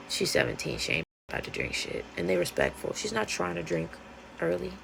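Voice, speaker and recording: Gravelly-voiced woman, animated storytime rant. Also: deep voice, a little fast, background noise. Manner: animated, swearing, acting out quotes. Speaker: vlogger retelling a webtoon.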